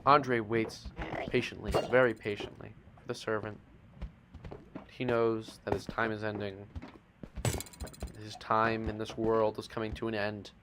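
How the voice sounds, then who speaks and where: A man's voice: lowish voice, level tone, measured pace, pauses often. A man narrating gameplay in a playful, mock-dramatic way, with teasing asides to the audience. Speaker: narrator of a game series. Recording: noisy home mic with clicks.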